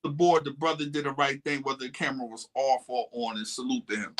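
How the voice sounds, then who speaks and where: A man's voice: medium pitch, flat delivery, fast, fairly bright tone. A man co-hosting a podcast, talking casually and emphatically, often restarting his sentences. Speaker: podcast co-host. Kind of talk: casual chat.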